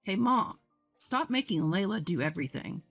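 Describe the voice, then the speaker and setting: A woman's voice: mid-range voice, sing-song, moderate pace, vocal fry, faint music behind. A woman voicing a fair-minded young husband in a storybook narration, speaking in an earnest, reasonable way. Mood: firm.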